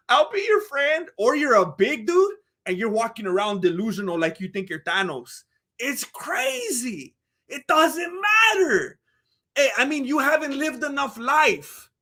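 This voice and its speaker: Brief: high-pitched male streamer, lively and rambling, casual commentary. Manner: animated, rambling, jumps into voices. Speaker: livestream host.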